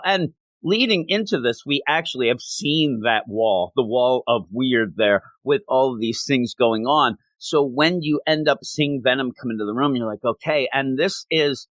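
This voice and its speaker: With an animated, fairly bright medium-pitched voice at a moderate pace, this podcast host gives a casual comic book review, retelling the story conversationally and reading out characters' lines. The recording is dry.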